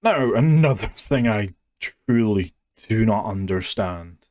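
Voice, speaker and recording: A man ranting through a sarcastic, mocking review at an unhurried pace. His voice sits at a middle pitch. The recording is dry and close. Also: animated, darkish tone, no echo. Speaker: YouTube reviewer.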